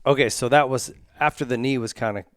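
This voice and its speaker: A man hosting a podcast interview, chatting casually and asking quick follow-up questions. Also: mid-range voice, no room sound, studio quality. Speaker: podcast host.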